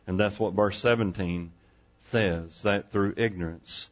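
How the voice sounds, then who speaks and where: A man's voice: low voice, steady tone, a little slow, lo-fi sound. A male pastor preaching a sermon in a church, folksy and conversational, asking the congregation rhetorical questions. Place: church sanctuary.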